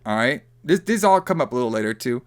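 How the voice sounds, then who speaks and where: A man's voice: mid-range voice, lively intonation, fast, smooth. Rambling man recapping a film. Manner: loose, rambling, heavy on fillers like "like" and "you know". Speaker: podcast co-host. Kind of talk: casual movie recap chat.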